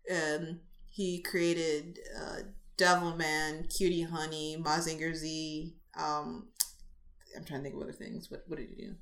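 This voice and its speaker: A woman co-hosting a casual chat, talking in a chatty, animated way with many fillers. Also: low-pitched, unhurried, vocal fry. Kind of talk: casual chat about conventions. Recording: echoey room.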